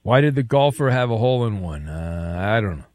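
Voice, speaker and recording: A man's voice: fairly low pitch, lively intonation, a little fast, a little mellow, dry recording. Man, radio talk host, teasing and jokey, bouncy up-and-down voice, dry close mic. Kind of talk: casual radio chat.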